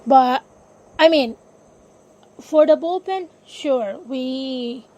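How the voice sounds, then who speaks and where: A woman's voice: high voice, drawn-out words, a little mellow, low-quality recording. A woman hosting a casual sports podcast, talking hesitantly, correcting herself and apologizing often. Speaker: podcast host.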